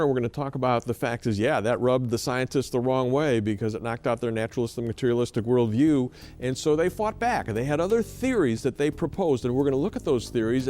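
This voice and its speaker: A man's voice: medium pitch, brisk, hardly any pauses, a little mellow. A man hosting a television interview program, who sums up points directly and addresses viewers. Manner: direct, summarizing questions to the guest. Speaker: TV program host.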